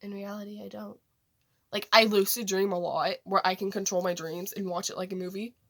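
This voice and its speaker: A woman's voice: mid-range voice, little pitch movement, brisk. A teenage girl casually telling a story about a dream, rambling, with many fillers and restarts. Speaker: vlogger.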